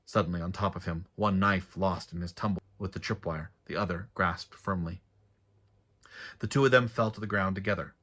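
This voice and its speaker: Deep-voiced man reading fiction aloud. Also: moderate pace, fairly bright tone. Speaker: author. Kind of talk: reading his own fantasy novel aloud.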